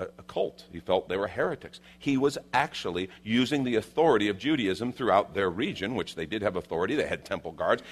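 A male pastor preaching a sermon, emphatic and repeating his key lines, swinging from loud declarations to hushed asides. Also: medium pitch, slightly rough.

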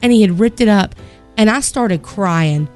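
A woman radio morning show host telling a story and reading announcements in an expressive, laughing way, her voice rising when she gets excited. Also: mid-range voice, a little slow, soft background music. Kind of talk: chatty on-air storytelling and announcements.

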